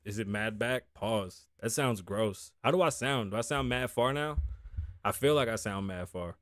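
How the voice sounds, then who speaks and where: A young man with a lowish voice hosts a podcast from his home studio at a moderate pace, trading profane jokes in casual chat and imitating the voices of people in his stories. It's recorded live on a studio mic with no echo.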